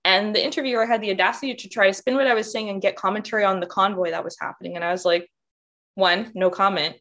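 A woman's voice: mid-range voice, fairly even intonation, fast talker, a bit bright. A woman speaking as a panelist in a candid discussion, passionate and outspoken. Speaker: workshop panelist.

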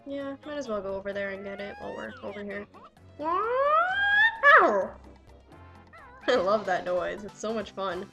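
A young woman swearing and yelling excitedly at the game she plays while commenting. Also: medium pitch, fast, few pauses, loud music behind the voice. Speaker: let's player. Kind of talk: casual gameplay commentary.

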